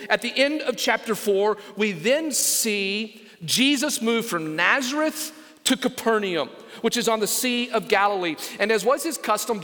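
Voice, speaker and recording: High, bright-voiced pastor preaching. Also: male voice. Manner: emphatic preaching, asks the congregation questions. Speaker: senior pastor. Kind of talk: sermon. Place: church sanctuary. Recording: long reverb of a large church.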